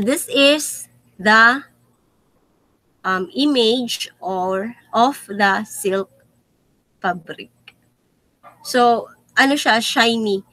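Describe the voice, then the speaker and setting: Slow, bright-voiced Filipino woman teaching. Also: a little high, dry recording, poor audio. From Philippines. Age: young adult. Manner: switches between English and Tagalog, frequent fillers. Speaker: student teacher presenting a lesson. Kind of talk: classroom lesson presentation.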